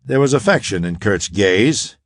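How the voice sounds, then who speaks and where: Expressive male audiobook narrator. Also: on the low side, moderate pace, dry recording, clean studio sound. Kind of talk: scripted narration.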